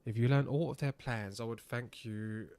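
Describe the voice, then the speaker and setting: A man voicing a weary older resistance leader in a game, reading in a solemn, measured way. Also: mid-range voice, fairly even intonation, a little mellow, smooth, lightly acted. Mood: grave.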